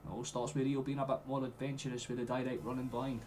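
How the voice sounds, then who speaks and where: A young Scottish man streaming a football watchalong, chatting and swearing freely, with sudden loud outbursts at the play. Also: mid-range voice, little pitch movement, quick pace, slight background noise. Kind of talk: live match commentary to chat.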